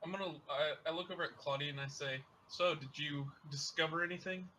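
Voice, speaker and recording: Bright-voiced man playing a tabletop game. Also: fairly high pitch, steady tone, fairly quick, slight background noise, rough recording. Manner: short, plain in-character statements. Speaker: player. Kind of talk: in-character tabletop game play.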